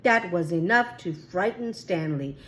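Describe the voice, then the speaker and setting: Slow read-aloud storyteller woman. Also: lowish voice, expressive, fairly bright tone, low-quality recording. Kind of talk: reading a chapter book aloud.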